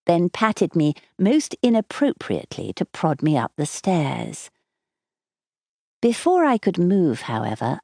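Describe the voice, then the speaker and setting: A woman reads a first-person mystery in a measured, composed way. Her voice is low and mellow with a lively, varied pitch. The studio recording is dry and close. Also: no echo. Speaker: audiobook narrator. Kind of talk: scripted first-person narration. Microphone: studio microphone.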